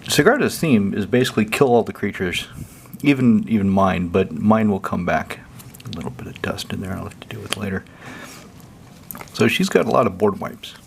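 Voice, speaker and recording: Gravelly, low-voiced man rambling casually. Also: normal speed, a little hiss or hum. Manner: rambling, loose, swears freely. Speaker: deck-building channel host. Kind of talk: casual deck walkthrough.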